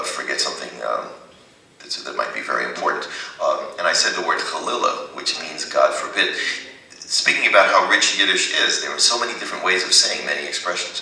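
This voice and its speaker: An older man teaching an audience in a chatty lecture, asking them questions and filling pauses with "uh". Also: a bass voice, creaky, pushed and bright. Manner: chatty, asks the audience questions, many "uh"s and "right?". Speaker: Yiddish teacher giving a library talk. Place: library meeting room. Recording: echoey hall, voice from far off the mic.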